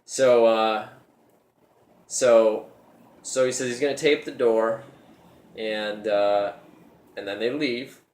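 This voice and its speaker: A man's voice: lowish voice, steady tone, slow pace, pauses often, a little mellow, reverberant. A man hosting his own show, telling a personal story in a rambling, casual way, often repeating his words as he goes.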